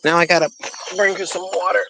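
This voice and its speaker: A woman's voice: fairly low pitch, fairly even intonation, fast talker, a bit bright, no echo, low-quality recording. A woman chatting casually on a livestream while she waters her garden, rambling and cooing to her cat. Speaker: livestream co-host.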